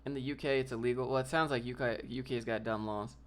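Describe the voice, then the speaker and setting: A man's voice: mid-range voice, fairly even intonation, fast talker. A young man hosting a casual livestream, ranting in a brash, slangy way and reading out viewer comments. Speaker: livestream host.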